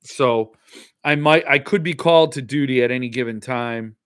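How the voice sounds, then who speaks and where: Bright-voiced man hosting a chatty show. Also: medium pitch, normal speed, clean tone. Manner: rambling, joking, reads comments aloud. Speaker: podcast host. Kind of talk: casual livestream chat.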